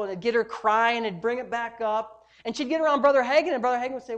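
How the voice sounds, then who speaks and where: A woman's voice: a little high, steady tone, fast talker. A woman pastor delivering a sermon, preaching emphatically and throwing rhetorical questions at the congregation.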